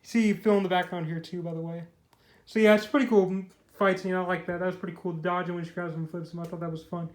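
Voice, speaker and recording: High-voiced man rambling through a comic review. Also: little pitch movement, fast, low-quality recording. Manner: rambling, filler-heavy, paraphrases the dialogue loosely. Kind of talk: casual comic review retelling scenes.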